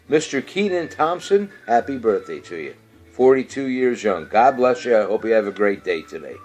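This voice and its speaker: A man's voice: mid-range voice, darkish tone. A middle-aged man, hosting a casual show and rambling through birthdays and weather with many fillers and restarts. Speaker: radio-style show host.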